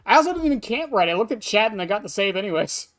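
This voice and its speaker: A streamer with a medium-pitched, sing-song voice talks at a racing pace, his tone fairly bright over soft background music. He casually narrates a match of an online horror game and answers chat in a blunt, offhand way, swearing freely, as live-stream gameplay commentary.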